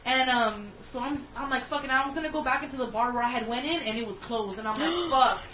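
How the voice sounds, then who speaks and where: A woman telling a long story in casual chat, animated, swearing a lot and using slang. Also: high-pitched, fast talker, echoey room, highs cut off, slight background noise.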